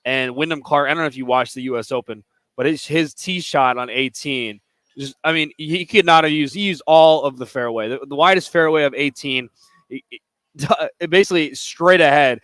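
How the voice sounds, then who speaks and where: A male co-host rambles casually about the games, loose and full of filler words. His voice sits a little above the usual pitch. The sound is dry and up close. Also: normal speed, a bit bright, no echo. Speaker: sports radio co-host. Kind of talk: casual sports chat.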